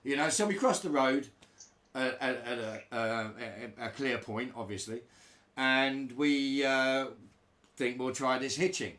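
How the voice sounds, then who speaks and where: A middle-aged man casually recalls an anecdote from a road trip during his touring days. He tells it animatedly, acting out other people's voices in broken English, though his mid-range voice keeps a measured pace.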